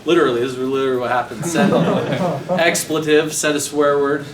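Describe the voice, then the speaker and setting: A man's voice: a little high, a little fast. Young man telling a story, echoey room. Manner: animated storytelling, acting out his own quotes. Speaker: sales trainer presenting to a team. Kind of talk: motivational training talk. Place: meeting room. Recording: echoey room, mic far off, noisy.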